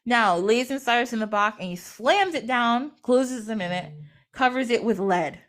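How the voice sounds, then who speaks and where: A woman podcast host retelling a myth in a casual, animated way, giggling and acting out quotes. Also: a little high, normal speed. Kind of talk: casual storytelling.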